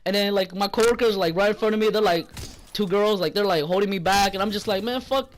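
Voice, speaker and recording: A man's voice: high voice, fairly even intonation, quick pace. A young man telling a profane, rambling story about a rude customer at work, getting heated when he quotes himself. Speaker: gaming channel vlogger. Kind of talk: casual storytelling.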